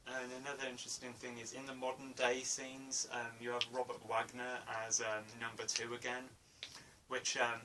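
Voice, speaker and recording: A man's voice: mid-range voice, completely flat delivery, moderate pace. A man giving a casual spoken film review, hesitant, with many fillers and restarts. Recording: distant mic, faint room noise.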